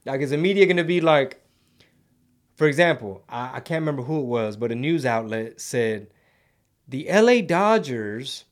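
A man hosting a casual livestream, rambling in slang and slipping into Spanish while reading the chat. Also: mid-range voice. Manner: laid-back slangy rambling, mixes in Spanish. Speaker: podcast host reading live chat.

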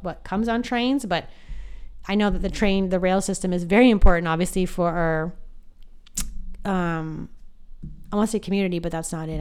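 A woman's voice: mid-range voice, a little mellow, clear, resonant tone. A woman hosting her own podcast as a psychic medium, talking in a chatty, rambling way full of asides and fillers. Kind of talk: casual podcast monologue.

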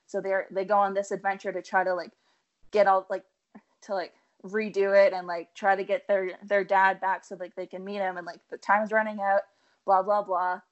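A woman's voice: mid-range voice, little pitch movement, normal speed, highs cut off. A young woman co-hosting a casual chat, bubbly and giggly, filling her talk with "like". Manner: bubbly, giggly, many "like" fillers. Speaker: co-host.

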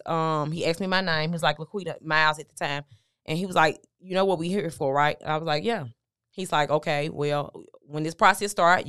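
Guest, woman, middle-aged, low and smooth voice, dry close sound, conversational storytelling. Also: fairly bright tone, no room sound. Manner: conversational, recounting with quoted dialogue. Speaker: guest, motivational speaker. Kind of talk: candid storytelling interview.

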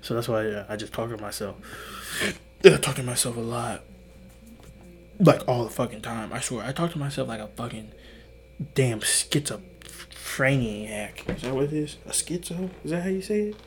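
A tired young man hosting a solo podcast, talking in a hushed, half-whispered way, rambling and swearing with little laughs. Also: medium pitch, moderate pace, pauses often, a little hiss or hum. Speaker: podcast host. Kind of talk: solo late-night podcast monologue.

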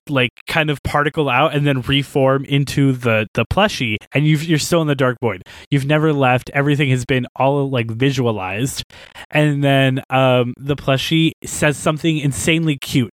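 A man brainstorming a story in casual talk, animated and rambling as he thinks out loud. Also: mid-range voice, normal speed, dry recording.

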